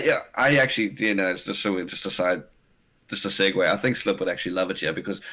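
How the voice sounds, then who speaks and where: A man's voice: on the low side, poor audio. South African man in casual chat. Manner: animated, self-deprecating, laughs often. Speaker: guest.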